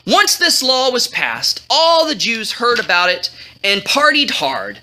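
A man telling a holiday story as comedy, animated and jokey, cheering and booing the characters. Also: extremely high pitch, measured pace. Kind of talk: comic retelling of a holiday story.

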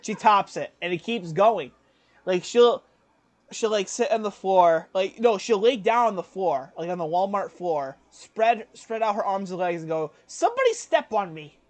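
A young man co-hosting a podcast, telling a workplace story in casual chat, lively and acting out what others said. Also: sits high, unhurried, no room sound. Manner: animated, acts out quoted voices, laughs often. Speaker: podcast co-host.

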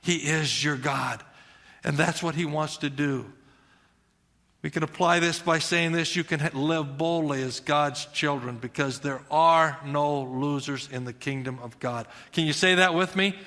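A man's voice: a little high, measured pace, bright, forceful tone, in a large hall. A middle-aged male pastor preaching a sermon in an earnest, conversational way, repeating his phrases for emphasis.

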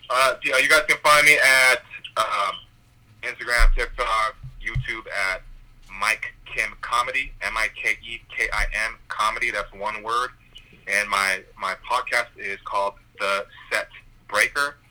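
A young man chats as a podcast guest with a bright, cutting tone. He tells lively stories, swears freely and laughs often. His voice comes over a phone-like line. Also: on the low side, a little slow. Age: young adult. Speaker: comedian guest. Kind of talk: casual podcast chat.

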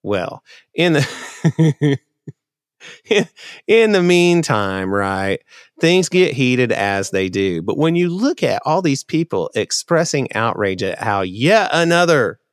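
A man co-hosting a podcast in casual chat, sarcastic and animated when telling a story. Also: medium pitch, slow pace, dry recording, studio quality. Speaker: podcast co-host.

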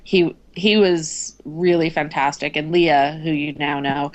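A woman's voice: sits low, steady tone, measured pace, dull audio. A woman co-hosting a podcast in casual chat, chatty and enthusiastic as a fan. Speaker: podcast co-host.

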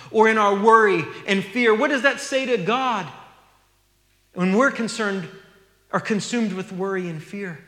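A man's voice: sits high, fairly bright tone, roomy sound, long reverb tail. A man preaching a sermon as a pastor, earnest and teaching, reading scripture aloud in a church sanctuary.

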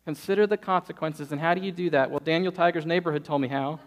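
A man in his thirties preaching a sermon, telling stories and acting out quotes with lively energy. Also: on the high side, quick pace. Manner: lively storytelling, acts out quotes. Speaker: pastor.

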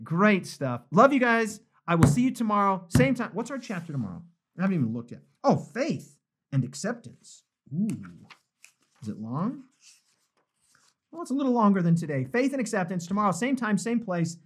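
A male pastor hosting a live-streamed book study. He reads viewer comments aloud, reacts to them cheerfully, and closes with an earnest prayer. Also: high voice. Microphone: phone livestream.

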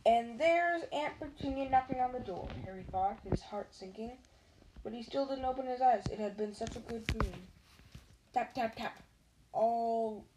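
A woman's voice: on the high side, dark tone, a little hiss or hum, poor audio. A woman reading a children's novel aloud, stopping now and then to chat and answer questions. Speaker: reader.

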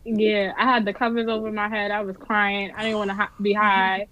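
A woman telling a story in lively, laughing casual chat. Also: mid-range voice, fairly quick, highs cut off.

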